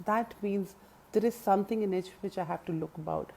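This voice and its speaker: A woman's voice: medium pitch, a little fast, dark tone, breathy edge. A woman hosting a live stream, talking earnestly and at length about self-help ideas and answering viewer comments. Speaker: live stream host and life coach. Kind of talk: casual live-stream coaching talk.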